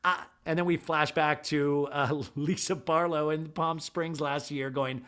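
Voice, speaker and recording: A man's voice: fairly high pitch, steady tone, a little slow, hardly any pauses, a bit bright. A man hosting a podcast, telling a comedic reality-TV recap in a gossipy, playful way. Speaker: podcast host.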